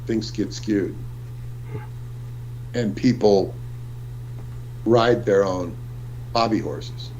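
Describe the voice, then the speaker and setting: A man co-hosting a livestream discussion, speaking in a measured, deliberate way. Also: lowish voice, darkish tone, dull audio, slight background noise. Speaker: livestream co-host.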